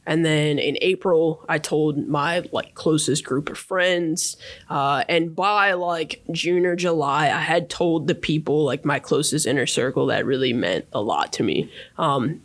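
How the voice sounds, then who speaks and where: A man in his thirties, a podcast guest, talking through a personal story in a relaxed, reflective way, often checking in with "right?". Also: on the high side, a little slow. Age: 30s. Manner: reflective, warm storyteller, many fillers and tag questions. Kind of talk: casual interview storytelling.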